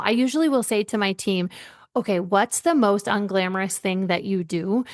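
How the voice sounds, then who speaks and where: A woman leadership coach, a guest on an interview podcast, telling workplace anecdotes and acting out the dialogue. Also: medium pitch. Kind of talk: conversational interview.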